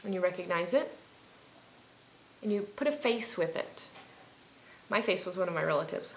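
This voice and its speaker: A woman's voice: fairly low pitch, animated, normal speed, reverberant, slight background noise. A woman hosting an instructional self-help video, talking in a friendly, chatty way with fillers and restarts. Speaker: healing coach and video host.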